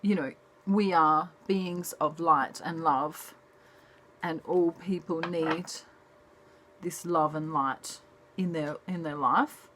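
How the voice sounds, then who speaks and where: A woman talks through a casual tarot reading in a soft, chatty manner. Her voice sits a little low, and she takes her time with each thought, speaking slowly. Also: steady tone. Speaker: tarot reader.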